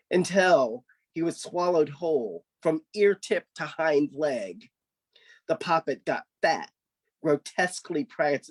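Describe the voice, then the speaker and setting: Slow, animated male story reader. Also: on the high side, breathy edge. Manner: animated, theatrical narration. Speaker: author reading his story. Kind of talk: expressive story reading.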